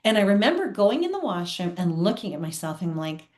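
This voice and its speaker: A woman's voice: mid-range voice, big pitch swings, normal speed. A woman guest on an interview show, telling personal stories in an earnest, heartfelt way. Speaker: guest, theatre producer. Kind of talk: candid personal storytelling. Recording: roomy echo.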